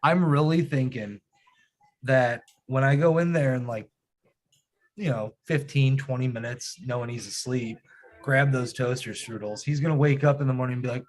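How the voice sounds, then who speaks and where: A man in his thirties hosting a live stream, telling a profane, animated story in casual chat. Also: medium pitch, moderate pace.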